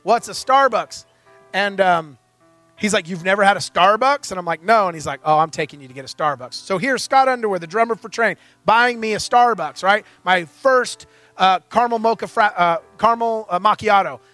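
A young pastor delivers a storytelling sermon, animatedly acting out each person's lines as he goes. His high voice comes across bright and forceful at a normal speed, with no room sound and soft music faintly underneath.

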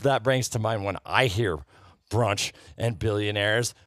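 A man's voice: on the low side, measured pace, a bit bright, no echo, clean studio sound. A man co-hosting a podcast, talking casually, swearing a lot and ranting with laughter. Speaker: podcast co-host. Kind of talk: casual chat.

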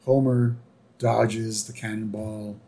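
A man's voice: on the low side, little pitch movement, takes it slowly, warm tone. A man casually narrating a cartoon episode as a podcast co-host, acting out short quotes. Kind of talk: casual episode recap chat.

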